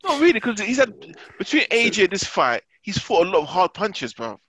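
A young man, chatting casually and telling stories in an animated, excitable way. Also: high voice, brisk, crowd noise. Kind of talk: casual chat.

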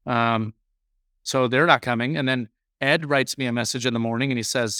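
A man's voice: medium pitch, steady tone, normal speed, a bit bright, no room sound, clean studio sound. Rambling storytelling podcast man. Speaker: podcast co-host. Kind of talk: casual chat.

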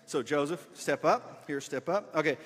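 Man, high voice, playful and encouraging, reads the story and directs the volunteers, big echoey room. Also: lively intonation, moderate pace, fairly bright tone, breathy edge. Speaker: leader of a children's skit. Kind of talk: reading a story aloud while directing volunteers. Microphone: wearing a body mic.

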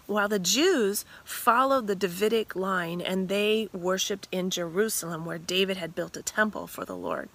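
A woman retelling a scripture story dramatically, animated and often dropping to whispers. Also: medium pitch, moderate pace, hardly any pauses.

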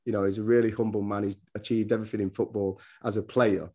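A man's voice: fairly low pitch, flat delivery, fast, warm tone. A middle-aged man, a former footballer and coach, talking casually as a guest and telling rambling stories with many restarts. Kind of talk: casual podcast interview.

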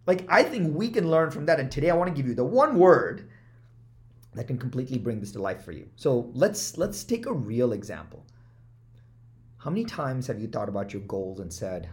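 A man, a business coach, giving an energetic motivational talk with repeated rhetorical questions that swing from loud to hushed. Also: mid-range voice.

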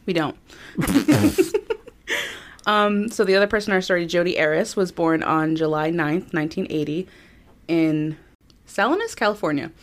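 Pausing often, a co-host with a fairly low voice talks at an ordinary pace. She tells a true crime story off her notes in a chatty style, with lots of ums.

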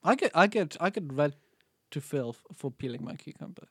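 A man's voice: on the high side, slightly rough, no room sound. Podcast co-host: young man, wry teasing banter, dry sound. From England. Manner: teasing, quick deadpan quips. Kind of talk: casual chat.

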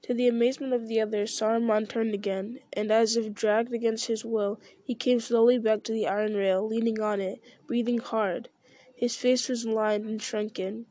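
A woman reading a novel aloud at a steady pace, with small slips and restarts. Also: fairly high pitch, normal speed, dry recording. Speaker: reader.

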